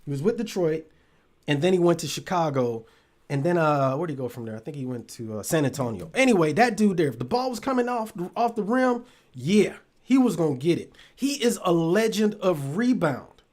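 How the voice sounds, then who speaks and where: A man's voice: on the high side, very animated, moderate pace, darkish tone. A man hosting a relationship talk show, chatting loosely with his live audience. He swears freely, laughs often and trails off mid-thought. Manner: addresses the audience directly. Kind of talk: casual live-stream chat with viewers.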